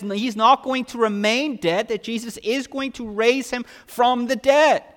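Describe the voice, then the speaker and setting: A man preaching a sermon, asking rhetorical questions and swinging from loud emphasis to hushed lines. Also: sits high. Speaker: pastor. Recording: long hall reverb.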